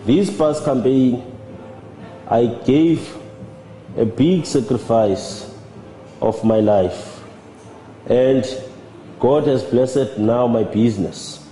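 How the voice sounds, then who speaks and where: A man giving a measured, halting personal testimony as a church member. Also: mid-range voice, mellow, a little hiss or hum. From South Africa. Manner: measured, halting, with repeated words. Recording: roomy with long reverb and faint music.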